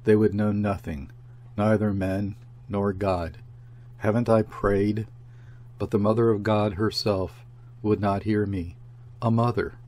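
A man's voice: fairly low pitch, steady tone, unhurried, long pauses, a little mellow, lightly acted. A man voicing a grief-stricken young peasant wife in an audiobook, pouring out bitter words in a rush.

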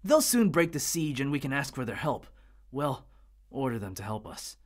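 A man voicing a scheming male commander in an audio drama, giving orders briskly. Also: mid-range voice, sing-song. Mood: commanding.

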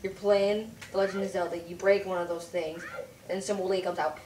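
A woman's voice: mid-range voice, level tone, darkish tone, a little hiss or hum. A woman teasing her friend in casual banter over a game. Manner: teasing, quick quips. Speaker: co-host friend. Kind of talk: casual let's-play banter. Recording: roomy, distant, game music behind.

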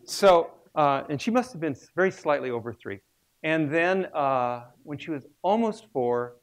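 A man's voice: a little high, lively intonation, moderate pace. A man in his sixties, a research biologist, giving a public lecture with humorous storytelling.

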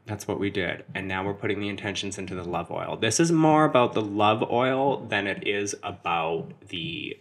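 A young man talking through a spell-making tutorial in a chatty, sarcastic way, often wandering off onto side topics. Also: lowish voice. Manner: chatty, sarcastic asides, jumps between topics. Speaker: witchcraft video host.

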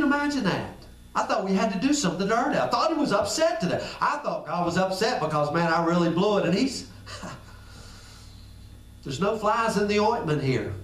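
A man preaching a casual, conversational sermon, acting out little dialogues and repeating phrases for emphasis. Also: sits high. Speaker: pastor. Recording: echoey room, far from the mic.

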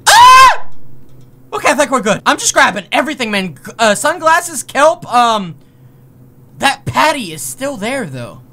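A young man commentating a horror game let's play, excitable and jumpy, rambling through self-corrected asides and yelping when startled. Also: very high voice, normal speed, a little hiss or hum. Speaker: gaming YouTuber.

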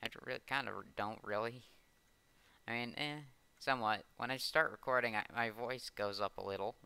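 A man's voice: mid-range voice, brisk, vocal fry, bright, forceful tone, clear, resonant tone, no room sound. A man casually rambling to himself while playing a game roleplay, often stopping to correct himself. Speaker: YouTuber playing a Minecraft roleplay. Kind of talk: casual gameplay roleplay commentary.

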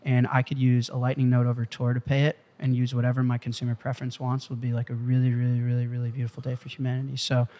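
A man as an interview guest, telling a story with excitable, profane emphasis in a casual way. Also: medium pitch, fast talker, few pauses. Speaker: interview guest, company CEO. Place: Malibu.

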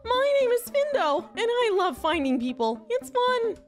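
A woman voicing a bubbly, cheerful game guide creature who gives slow, sing-song instructions. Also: extremely high pitch, sing-song, faint music behind, pitched above the performer's own voice, full character voice. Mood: chirpy.

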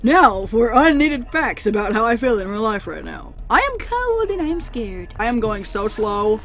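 A woman's voice: a little high, very animated, moderate pace. A woman doing horror game commentary into a desk microphone, sarcastic and talking back to the characters, then screaming at the jump scares. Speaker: gaming channel host.

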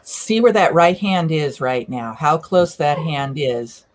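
A woman's voice: deep voice, animated, takes it slowly. A woman, a dog behavior consultant, chatting casually and enthusiastically as she comments on a training video. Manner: enthusiastic, chatty, narrates what the dog does.

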